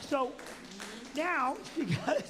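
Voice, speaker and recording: Animated New Jersey male host, storyteller who acts out quotes; reverberant hall. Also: drawn-out words. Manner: animated, acts out quotes with big pitch jumps. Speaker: comedian and show host. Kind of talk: storytelling on a live show.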